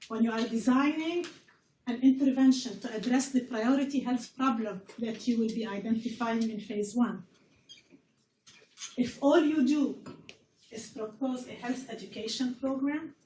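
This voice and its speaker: A woman's voice: fairly high pitch, normal speed, dark tone. A woman giving a university public health lecture to a class, earnest and repeating words as she explains. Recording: roomy lecture hall from far off with faint noise.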